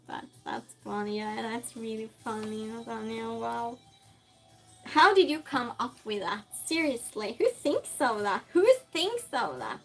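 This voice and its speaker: A woman's voice: on the high side, unhurried, a bit bright, soft background music. A woman streamer chatting casually while she cooks, reading viewer comments aloud and answering them with frequent laughs. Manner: laughs often, teases the chat. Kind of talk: casual chat while cooking.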